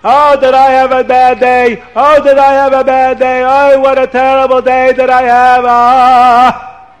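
A man voicing a spoiled, scheming grown woman who whines and complains loudly in a high voice. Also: normal speed, natural voice. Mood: wailing. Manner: high, loud, whiny complaining.

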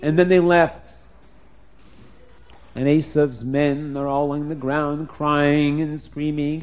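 A man telling a story to children in a lively, emphatic way, changing his voice often. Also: a little high, takes it slowly, long pauses, lo-fi sound.

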